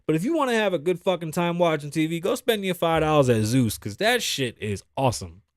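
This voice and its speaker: A man's voice: a little high, a little fast, no echo, clean studio sound. A man hosting his own podcast, telling stories in a loose, profane, rambling monologue. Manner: profane, rambling, animated storytelling. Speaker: podcast host. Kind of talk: casual monologue.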